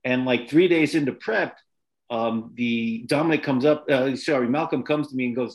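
A man's voice: medium pitch, moderate pace. A man talking casually on a podcast, recalling old production days in a loose, rambling way. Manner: rambling, with fillers and restarts.

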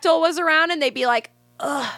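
Woman podcast co-host, high voice, crude sarcastic banter, dry close sound. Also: lively intonation, moderate pace, fairly bright tone, dry recording. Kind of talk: casual chat.

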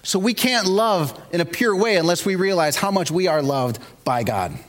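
A man's voice: high-pitched, normal speed. A man preaching a sermon as pastor, telling stories with rising energy. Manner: animated storytelling, builds to shouts.

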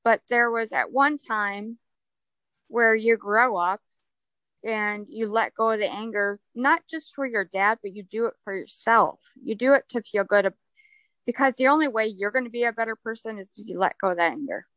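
A woman's voice: on the high side, moderate pace, fairly bright tone, dry recording, dull audio. A woman guest on a podcast, speaking in a heartfelt, emphatic way and repeating her points. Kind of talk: conversational interview.

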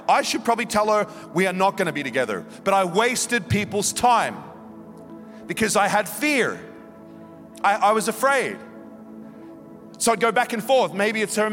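A man in his late thirties preaches in a large hall whose long reverb trails after each phrase. His voice sits a touch high for a man, and he shifts between hushed confession and raised, pleading passion. Soft music plays faintly underneath. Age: 30s. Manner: impassioned, confessional, swings from quiet to loud. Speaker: guest preacher. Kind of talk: sermon. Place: church hall.

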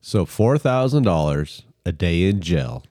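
A man's voice: low voice, very animated, unhurried, a little mellow, no room sound, studio quality. A man hosting a casual chat over beers, prompting his guests with questions and reading the label aloud. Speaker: podcast host.

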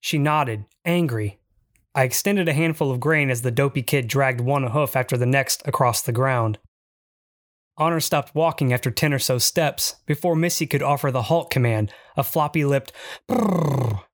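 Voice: medium pitch, normal speed, no room sound. A narrator reading a first-person memoir in a dry, wry storytelling manner.

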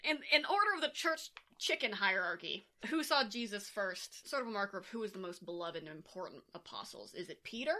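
A woman's voice: mid-range voice, lively intonation, brisk, hardly any pauses, sharp tone. A woman co-hosting a casual comedy podcast, reading scripture aloud and cracking sarcastic jokes between the verses. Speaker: podcast co-host.

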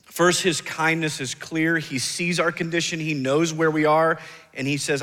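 A man in his thirties preaching a sermon as pastor, emphatic, slowing down and dropping soft on key phrases. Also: on the high side, little pitch movement. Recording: long reverb of a large hall.

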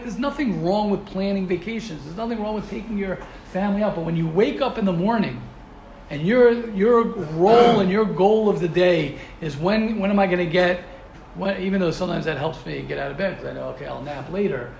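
A man teaching a religious ethics class in an animated way, asking rhetorical questions and repeating himself for emphasis. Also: high-pitched, normal speed, creaky, slight background noise. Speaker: Torah teacher. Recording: roomy echo.

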